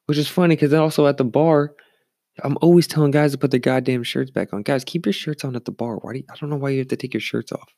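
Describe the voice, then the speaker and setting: A man's voice: medium pitch, fairly even intonation, fast talker, mellow, no room sound, clean studio sound. A young man who works as a bartender, telling rambling bar stories in a casual, swearing way and acting out the people he quotes. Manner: rambling, swears freely, acts out quoted voices. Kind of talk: casual storytelling.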